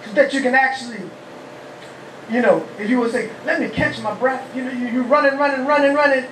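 A rabbi gives a lively call-and-response sermon, asking the congregation questions and shouting praise. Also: male voice, very high-pitched, fairly quick, slight background noise. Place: humid, warm house of worship. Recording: echoey hall, mic far off.

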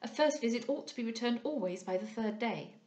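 A woman's voice: a little high, lively intonation, brisk, a little mellow, reverberant, lightly acted. A woman doing a flippant society wife. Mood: dismissive. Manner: dismissive, breezy. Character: flippant fashionable young married lady.

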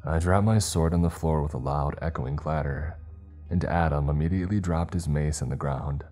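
A man narrating a horror story in a slow, measured storytelling voice. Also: very deep voice, dark tone. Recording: faint background music.

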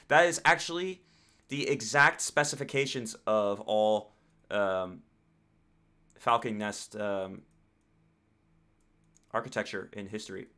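A man's voice: lowish voice, slow pace, pauses often, bright, forceful tone, clean tone. An American man hosting a reaction video, commenting casually and rambling with lots of fillers and self-corrections. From United States.

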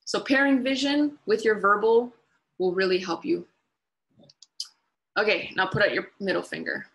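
A woman's voice: medium pitch, expressive, a little slow, a bit bright. A woman presenting a webinar on dementia care, explaining patiently with everyday examples and simple repeated phrases.

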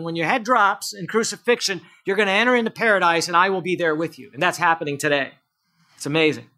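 A man preaching a sermon as a pastor, asking the congregation questions and swinging between emphatic lines and quiet low asides.

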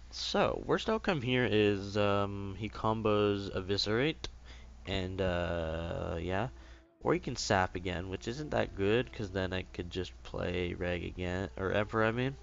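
A man giving casual gameplay commentary from home, thinking aloud with hesitant fillers and quick apologies. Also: low voice, lively intonation, creaky, lo-fi sound. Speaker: gaming channel host. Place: home room.

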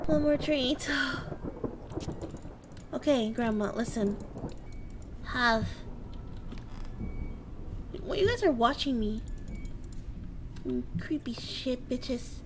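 A woman's voice: high-pitched, animated, very slow, pauses often, noisy background. A young woman streaming a horror game, reacting with jumpy shrieks, swearing and teasing banter. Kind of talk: casual live gameplay commentary.

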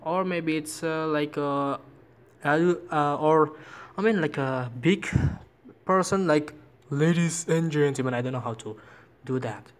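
A man vlogging casually about phone apps, speaking halting English with frequent restarts and searches for words. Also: on the high side, clean tone. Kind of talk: casual phone-app vlog.

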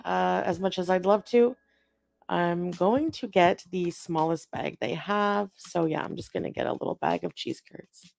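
A woman's voice: fairly low pitch, measured pace, gravelly, a little mellow. A woman talking to camera in an upbeat, chirpy vlog style. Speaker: vlogger.

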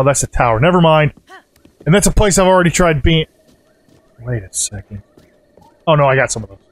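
Excitable high-voiced man playing a game. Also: dry recording. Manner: rambling, excitable, swears a lot. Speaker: gaming channel host. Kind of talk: let's play commentary.

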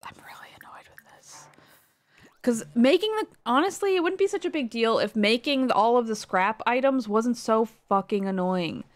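A woman's voice: on the high side, lively intonation, moderate pace, hardly any pauses, a little hiss or hum. A woman streamer giving casual gameplay commentary, exasperated and swearing, with muttered asides.

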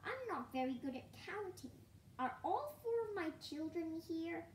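A woman's voice: very high-pitched, big pitch swings, a little slow, echoey room, slight background noise, voice pushed up, full character voice. A woman voicing a timid, polite mother mouse.

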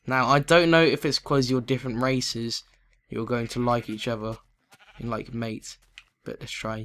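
Excitable man doing gameplay commentary. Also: mid-range voice, normal speed. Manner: excitable, chatty, talks to game animals. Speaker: let's play gamer. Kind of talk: let's play commentary.

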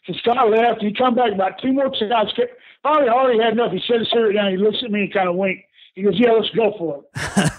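An older man telling lively stories as a guest in an interview, laughing often and calling the listener "brother". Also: high voice, fast talker. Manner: lively yarn-spinner who laughs often and says "brother". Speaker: guest, retired pro wrestler. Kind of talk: animated storytelling in an interview. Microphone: phone call. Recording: tinny phone line.

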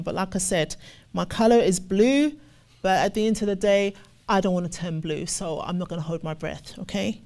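A woman giving sermon-style Bible teaching, reading scripture slowly with emphasis and acting out the voices of the people she describes. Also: lowish voice, a little mellow. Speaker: ministry officer teaching scripture.

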